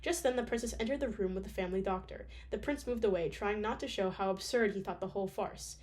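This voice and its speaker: A woman reads a classic novel aloud in a relaxed, casual way, tripping over a word now and then. She sounds slightly sick. Her pitch sits in the middle for a woman. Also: fast talker. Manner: casual, joking asides, occasional stumbles. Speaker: audiobook reader. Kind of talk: casual audiobook reading with asides.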